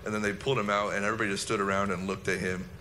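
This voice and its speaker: A man, a former soldier recounting an incident in a halting, reflective personal monologue. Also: on the low side, level tone, pushed and bright, slight background noise.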